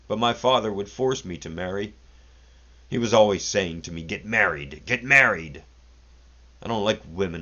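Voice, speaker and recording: A man puts on a shy, sad raftsman who murmurs and pleads to be left alone. The voice is low and deep, and the recording is dull and lo-fi. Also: fairly bright tone. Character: timid, sad, pious young male raftsman.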